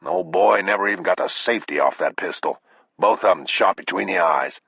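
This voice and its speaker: A man voicing a weathered older Texas sheriff with a slow, laconic drawl, calm and grim, in an audiobook reading. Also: deep voice, gravelly, breathy edge, dry recording, full character voice. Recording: dull, dry lo-fi audio.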